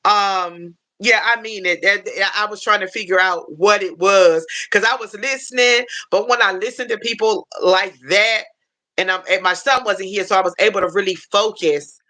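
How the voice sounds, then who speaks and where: Woman, livestream host, casual chat, bright tense tone, rambling restarts, emotional. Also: mid-range voice, normal speed. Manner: chatty, rambling with many restarts; heartfelt, openly emotional.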